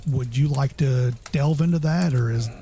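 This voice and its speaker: Male host, mock-serious, measured, mellow dark voice, faint hiss. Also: mid-range voice. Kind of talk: comedic improv interview.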